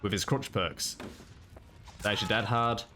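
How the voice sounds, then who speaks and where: Low, bright-toned monotone man. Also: slow pace, soft background music. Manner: monotone delivery. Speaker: gaming YouTuber. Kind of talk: gameplay commentary voice-over.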